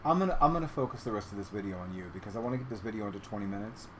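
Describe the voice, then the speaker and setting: A man's voice: racing, a little hiss or hum. A man talking casually to his viewers about what has been on his mind lately. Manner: switches to a high animated baby-talk voice when addressing his cat. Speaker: vlogger. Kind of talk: casual vlog talk to camera.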